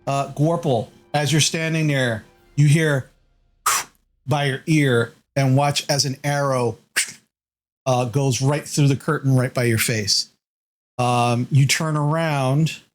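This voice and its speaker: A man running a tabletop game as dungeon master, narrating slowly with frequent fillers. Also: medium pitch, fairly even intonation, faint music behind. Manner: slow, halting narration with many fillers.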